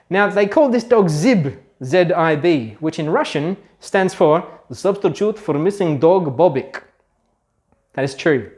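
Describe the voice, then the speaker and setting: A man's voice: on the high side, expressive, normal speed, darkish tone. A man, a children's book author, telling facts to kids in a chatty, casual storytelling manner. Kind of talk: explainer video for kids.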